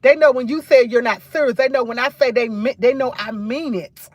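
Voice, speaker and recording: A New York livestream host with a highish voice speaks briskly, and there's no room sound on the recording. She keeps the live chat casual and chatty, repeating phrases and rambling through her stories.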